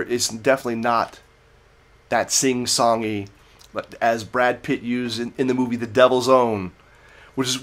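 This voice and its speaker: A man's voice: medium pitch, fairly bright tone. A man hosting a casual, unscripted livestream beer review, rambling and correcting himself as he tells stories. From United States. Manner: rambling, self-correcting, digressive storytelling.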